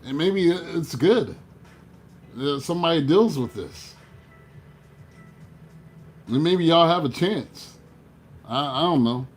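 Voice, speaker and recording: Animated male tarot reader, swears freely. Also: a little high, slow pace, pauses often, faint music behind. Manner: animated, swears, talks to himself. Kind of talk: casual tarot reading.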